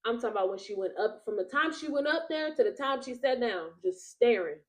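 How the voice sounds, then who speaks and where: A woman's voice: a little high, fairly quick, low-quality recording. A young woman hosting a faith podcast, telling a personal story in casual chat and acting out the quotes. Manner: animated storyteller, acts out quotes. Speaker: podcast host.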